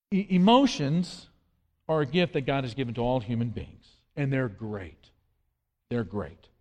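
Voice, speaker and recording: A pastor preaches a sermon with earnest emphasis, quoting scripture and often repeating his words. His voice is medium-pitched with a darkish tone. Long hall reverb surrounds the recording.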